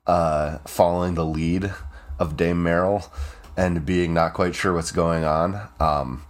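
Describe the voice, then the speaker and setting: A man co-hosting a casual comedic chat, wry and quick to steer the talk back on track. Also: sits low. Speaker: podcast co-host.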